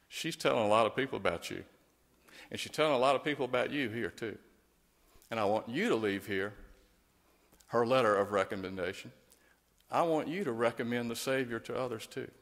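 A man's voice: on the low side, in a large hall. A man speaking as a pastor, giving a tender funeral eulogy and prayer. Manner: gentle and tender, rising to lively storytelling.

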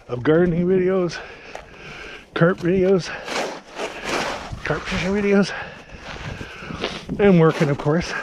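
A man's voice: on the high side, background noise. Middle-aged man, casual garden vlogger, rambling, slightly winded, outdoor camera mic, faint clicks. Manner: rambling, chatty, many fillers. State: out of breath. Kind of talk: casual walking vlog.

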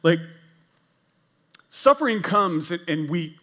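Bright-voiced man preaching a jokey sermon. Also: fairly high pitch, slow pace, pauses often. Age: older. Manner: jokey, self-deprecating, animated with asides to the congregation. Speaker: executive pastor. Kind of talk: conversational sermon. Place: church sanctuary.

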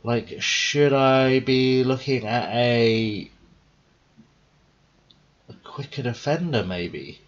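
A tired young man thinking out loud in a rambling, casual commentary as he plays a game. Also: medium pitch, drawn-out words, long pauses, lo-fi sound. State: tired, yawning. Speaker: gaming video host. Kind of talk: casual let's-play commentary.

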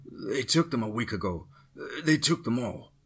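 A man's voice: medium pitch, big pitch swings, moderate pace, breathy edge, voice pushed up. A man voicing an uneasy captured lab doctor. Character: nervous male lab doctor.

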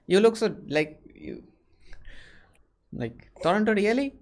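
A man's voice: high voice, sing-song, measured pace, darkish tone. A man from India hosting casual video chats with strangers and asking lots of short, curious questions over a video call. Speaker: host.

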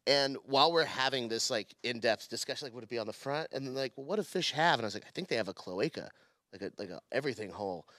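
Animated male comedian telling stories. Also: medium pitch, quick pace, no echo. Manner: animated storyteller, acts out quotes. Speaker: podcast host and comedian. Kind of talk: casual storytelling.

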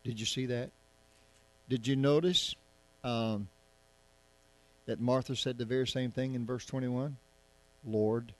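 A man's voice: mid-range voice, steady tone, measured pace, long pauses. A male pastor preaching verse by verse, in a conversational style and often putting rhetorical questions to his listeners. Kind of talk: Bible-study sermon.

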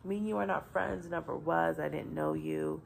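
A woman's voice: low voice, normal speed, vocal fry, slight background noise. A young woman vlogging casually to camera, venting bluntly and profanely about her frustrations. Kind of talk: casual vlog rant.

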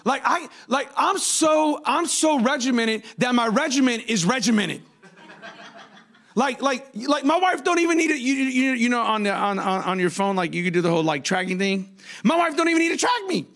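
Forties guy pastor preaching, high voice, jokes around and jumps way up in pitch on punchlines. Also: normal speed. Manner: animated, jokey storytelling with sudden high-pitched outbursts. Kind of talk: sermon.

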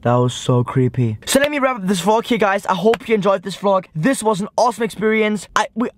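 A young man vlogging from a car at night, rambling through an excited story full of "like" and "guys". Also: sits high, quick pace, a little hiss or hum. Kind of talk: excited vlog recap to camera.

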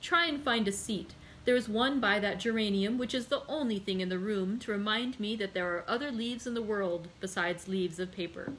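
A woman's voice: medium pitch, normal speed, hardly any pauses, fairly bright tone, a little hiss or hum, lightly acted, rough recording. A woman reading the part of a friendly male journalist who speaks mildly and courteously in a storybook reading. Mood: calm. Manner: mild, courteous, reasoning.

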